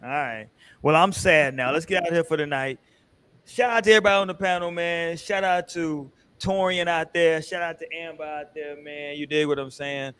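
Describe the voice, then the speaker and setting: A laid-back male podcast host closing out the episode with shout-outs. His voice sits a bit high, and his talk is loose and slangy. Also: normal speed, clear, resonant tone. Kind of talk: casual chat, show sign-off.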